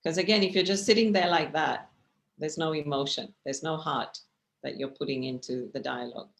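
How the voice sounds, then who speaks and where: Creaky-voiced woman teaching over video call. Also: low-pitched, normal speed. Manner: conversational, gestures while talking, often checks in with "right?". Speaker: teacher of a communication class. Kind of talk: online lecture with slides.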